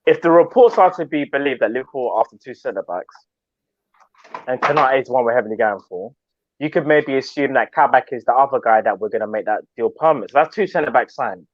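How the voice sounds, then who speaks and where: A man's voice: medium pitch, animated, quick pace, no echo. A man co-hosting a casual live-stream chat, thinking aloud and hedging his opinions. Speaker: co-host. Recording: dry, dull lo-fi audio.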